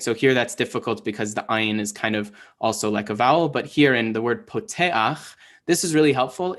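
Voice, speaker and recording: A man teaching a Hebrew class on a synagogue livestream. He keeps checking in with "right?" and slows down to sound out each word. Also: mid-range voice, a bit bright. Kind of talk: explaining Hebrew reading in a class.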